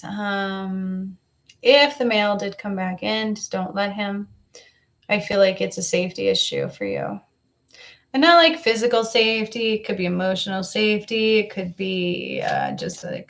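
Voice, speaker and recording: A woman's voice: medium pitch, creaky. Woman giving a live psychic reading, repeating herself. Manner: repetitive, intuitive, coaxing, repeats phrases. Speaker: psychic reader.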